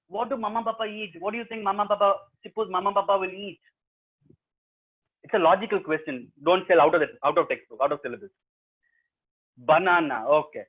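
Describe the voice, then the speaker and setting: Animated Indian storyteller man. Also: high-pitched, fairly quick, slightly rough. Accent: Indian English. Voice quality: expressive, sing-song, interactive. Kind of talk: animated children's storytelling to an audience. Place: at home on a webinar. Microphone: video call. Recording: tinny video call audio.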